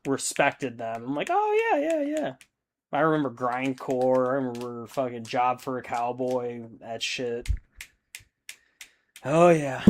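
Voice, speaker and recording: A man in his thirties hosting a hobby stream, chatting casually and reading out viewer comments, rambling and swearing freely. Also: medium pitch. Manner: laid-back, rambling, swears a lot.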